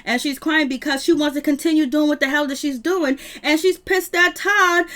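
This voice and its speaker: A woman hosting a live review of a reality show, talking in an animated, gossipy and sassy way. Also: high voice, normal speed. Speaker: reality TV recap host.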